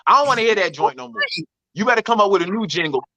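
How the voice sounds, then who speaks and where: A man telling a comic story on a radio talk show, animated and emphatic, repeating his denials. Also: high voice, very fast, no room sound, muffled recording. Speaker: comedian guest. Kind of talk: storytelling stand-up chat.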